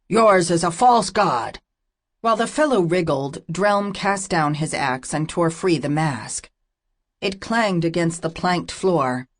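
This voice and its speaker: A woman with a fairly low voice narrates a fantasy audiobook in a steady, measured storytelling style.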